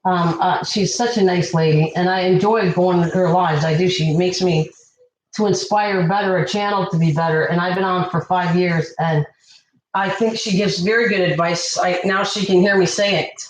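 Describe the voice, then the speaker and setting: A woman hosting a casual cooking livestream, chatting away and warmly thanking viewers by name from her kitchen. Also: on the low side, steady tone, moderate pace, slight background noise. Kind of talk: casual live-stream chat. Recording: echoey room.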